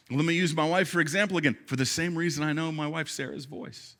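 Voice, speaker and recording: A pastor in his thirties preaches a sermon in a higher voice for a man. He talks conversationally, stumbles into quick restarts, and slips into the voices of the people he quotes. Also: fairly bright tone.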